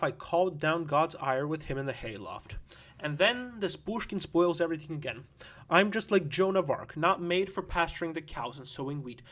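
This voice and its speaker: A man's voice: fairly high pitch, a bit bright. A man reading as a brash drunken woman. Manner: rambling, boisterous storytelling. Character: brash drunken woman telling her sordid tale. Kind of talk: audiobook reading.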